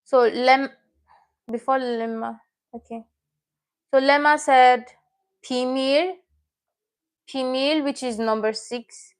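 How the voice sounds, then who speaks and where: A woman's voice: high-pitched, steady tone, slow pace, pauses often. A woman teaching a live online language lesson, patient and repeating each word as she explains it step by step.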